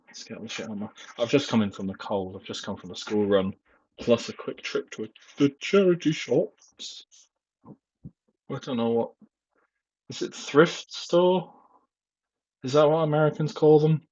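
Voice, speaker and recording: A man's voice: mid-range voice, breathy edge, no room sound. A young man vlogging casually from home into a headset mic, rambling with lots of fillers and self-deprecating asides. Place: home, indoors. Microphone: headset microphone. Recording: dull lo-fi headset mic, clipping.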